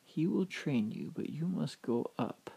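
A man's voice: fairly high pitch, measured pace, gravelly, breathy edge, exaggerated voice. Man voicing a solemn enchanted mouse prince. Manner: calm, solemn instructions.

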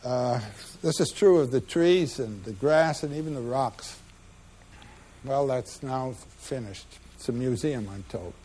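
A man giving a measured, reflective lecture about slides, pausing often with "uh" between phrases. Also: medium pitch, dark tone. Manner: measured, reflective, with frequent pauses and "uh" fillers.

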